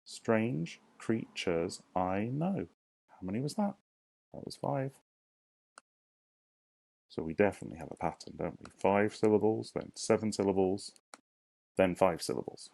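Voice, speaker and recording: A low, gravelly male voice, recorded dry and close with no room sound. He is a primary teacher giving a recorded lesson. He talks slowly to young children, asks questions and counts syllables aloud. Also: animated, dark tone, no room sound.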